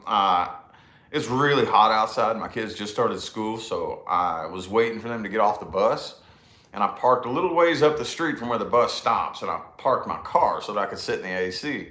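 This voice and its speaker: A man's voice: medium pitch, a bit bright. A man vlogging in a casual, rambling monologue, swearing freely and laughing often at himself. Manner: profane, self-deprecating, laughs often. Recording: echoey room.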